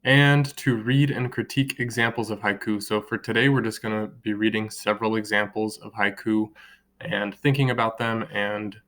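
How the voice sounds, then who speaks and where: A man's voice: on the low side, fairly even intonation, a bit bright. Patient man teaching a children's lesson. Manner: slow, drawn-out word clapping and counting; friendly, patient classroom explaining. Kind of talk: recorded online lesson for children.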